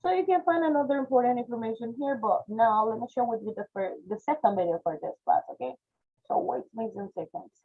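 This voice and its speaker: Teacher with a husky voice over a tinny call. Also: female voice, a little high, quick pace. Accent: Spanish-accented English. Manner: tags sentences with "okay?". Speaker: English phonetics teacher. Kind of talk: online class lecture. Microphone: video call. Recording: tinny phone-like call audio.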